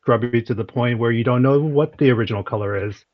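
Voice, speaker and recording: A man's voice: medium pitch, fast talker. A man describing his role-play character in a hesitant way with many fillers. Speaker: player. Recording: dull online call audio.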